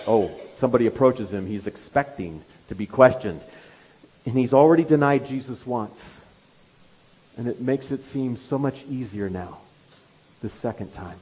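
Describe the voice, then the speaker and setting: Animated male preacher telling a story. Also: medium pitch, slightly rough, rough recording. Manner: animated storytelling, acting out quoted lines. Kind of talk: expository sermon.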